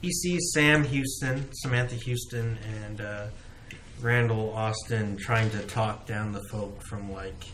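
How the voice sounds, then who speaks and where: A man's voice: lowish voice, fairly even intonation, unhurried, fairly bright tone, slight background noise. A man narrating as game master in a tabletop game, talking in a casual, joking way with lots of fillers.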